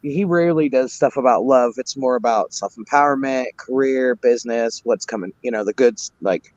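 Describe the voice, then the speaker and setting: A man's voice: medium pitch, normal speed, a little mellow, no room sound, dull audio. A man in his forties chatting casually about astrology and tarot, rambling and joking, laughing often. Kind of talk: casual chat.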